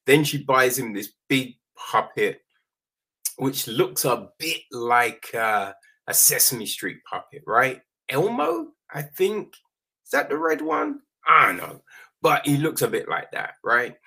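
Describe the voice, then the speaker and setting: A man's voice: mid-range voice, very animated, slow, bright, forceful tone, slightly rough. A man recapping a horror film in a rambling, casual way, swearing now and then and often asking the listener "right?". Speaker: film reviewer.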